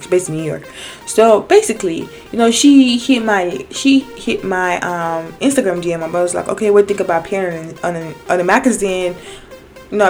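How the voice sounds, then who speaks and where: A young woman telling her viewers a personal story in a casual, animated way, with many restarts and quoted exchanges. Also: medium pitch. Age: young adult. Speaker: vlogger.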